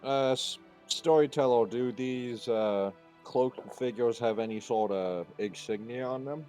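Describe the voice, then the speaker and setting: A man's voice: medium pitch, measured pace, a little mellow, faint music behind. Playful man at a tabletop game. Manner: playful, laughs often. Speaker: player. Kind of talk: casual tabletop game chat.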